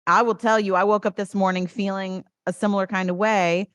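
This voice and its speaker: A woman's voice: mid-range voice, level tone, fairly quick, clear, resonant tone, dry recording, studio quality. A woman hosting a podcast interview who talks in a conversational, affirming way with her guest. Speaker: podcast host.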